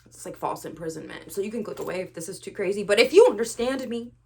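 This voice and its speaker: A young woman ranting to the camera in a vlog, sarcastic and animated, swinging between loud outbursts and quiet asides. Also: mid-range voice, fast talker, vocal fry. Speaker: vlogger.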